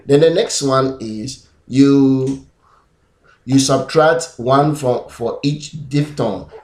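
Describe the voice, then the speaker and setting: A man teaching pronunciation, repeating example words slowly and syllable by syllable. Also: mid-range voice, darkish tone. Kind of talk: classroom-style lesson. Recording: echoey room.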